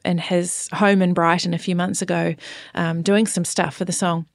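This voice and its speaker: A woman's voice: on the low side, flat delivery, normal speed, vocal fry, no echo, studio quality. A woman in her late thirties, a songwriter guest in a casual interview, talking earnestly with many fillers and restarts. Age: 30s.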